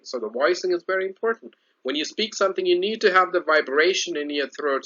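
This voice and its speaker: A man giving a slide-based lesson on speech clarity, explaining in a repetitive, lively way. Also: fairly high pitch. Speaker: English speech trainer. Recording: dull lo-fi audio.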